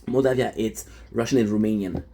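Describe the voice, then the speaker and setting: A man's voice: lowish voice, steady tone, brisk, warm tone, slight background noise. A young French-Canadian man, native French speaker, rambling casually on a live stream and answering chat with many fillers. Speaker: livestreamer.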